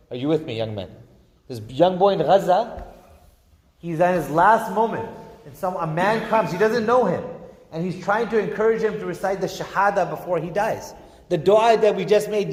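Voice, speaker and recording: A man giving a Friday sermon, preaching with passion, slowing and swelling for emphasis and chanting Arabic phrases. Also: sits high, lively intonation. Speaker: imam giving Friday khutbah. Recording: long hall reverb.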